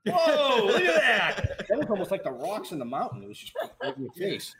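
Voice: medium pitch, huge pitch swings, a little fast, a crowd in the background. A co-host from Boston, teasing and playful in casual banter.

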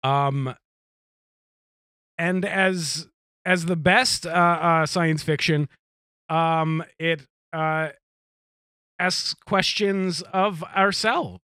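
A man in casual podcast chat about a TV episode, earnest and halting, full of fillers and restarts. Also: a little high, bright, forceful tone, clear, resonant tone, dry recording, clean studio sound.

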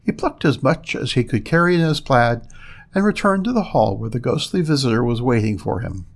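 A man narrating a fairy tale in a measured, steady reading. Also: medium pitch, creaky. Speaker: storyteller.

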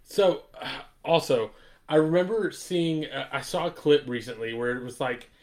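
A man's voice: fairly high pitch, moderate pace. A man hosting a casual sports podcast, laid-back, swearing and laughing often. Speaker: podcast host.

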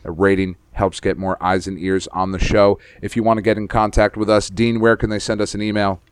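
A man's voice: lowish voice, flat delivery, fairly quick, smooth. A man hosting a podcast in casual chat, rambling and swearing freely. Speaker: podcast host.

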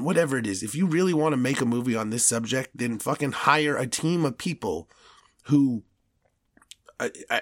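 A man behind a studio podcast mic, ranting on his own with real heat. His voice sits in a middle pitch, and the sound is dry and close, with no room around it. He stammers and restarts when he gets worked up. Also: fairly bright tone, no room sound. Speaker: podcast host. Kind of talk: solo podcast rant.

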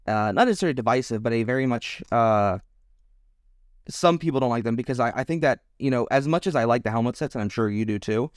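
A man's voice: medium pitch, clear, resonant tone, no echo, clean studio sound. A man co-hosting a podcast in casual chat, rambling and hedging his opinions with many restarts. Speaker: podcast co-host.

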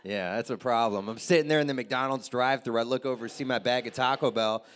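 A man's voice: mid-range voice, fast. A young man doing a loose, crude stand-up set and chatting with the crowd. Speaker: stand-up comedian.

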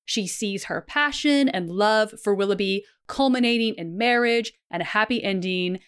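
A woman's voice: medium pitch, normal speed, fairly bright tone, smooth. A woman co-hosting a literary podcast, explaining a passage and reading quotes aloud. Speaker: podcast co-host. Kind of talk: casual literary discussion.

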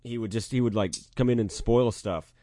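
A man's voice: on the low side, moderate pace, dry recording, studio quality. A man co-hosting a podcast, chatting casually and acting out people in his stories. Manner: animated storyteller, mimics people. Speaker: podcast co-host. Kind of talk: casual chat.

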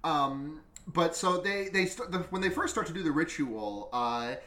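A man's voice: on the high side, normal speed, echoey room. A male podcast host recapping a movie in a casual, profane, giggly way. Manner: profane, giggly, animated retelling.

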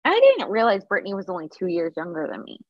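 A husky woman co-hosts a casual gossip chat, her pitch lively but her thoughts trailing off in fillers. She sounds dull and dry, as if on a low-grade remote mic. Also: fast talker, no room sound. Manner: reactive, hesitant, trails off with fillers. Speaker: podcast co-host.

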